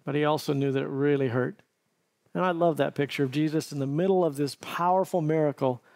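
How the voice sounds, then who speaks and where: A man's voice: on the high side, fairly even intonation, brisk, creaky, a little mellow. A middle-aged man preaching a sermon, telling a story vividly and earnestly, often restarting his phrases. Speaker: pastor.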